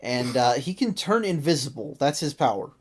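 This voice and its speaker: A podcast host in a casual review chat, animated and exasperated, laughing often. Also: medium pitch, moderate pace, husky.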